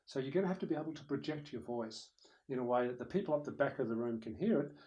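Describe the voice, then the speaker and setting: Man, lecturer, conversational, mid pitch. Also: fast, highs cut off. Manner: conversational, animated, demonstrates loud and soft voices. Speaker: presenter teaching presentation skills. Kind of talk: recorded lecture. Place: room with a camera operator.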